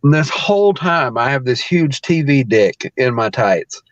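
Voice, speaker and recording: A wrestler guesting on a podcast tells a casual story, rambling with many fillers and laughing often. His medium-pitched voice has lively intonation and an unhurried pace, in a dry, dull-sounding recording.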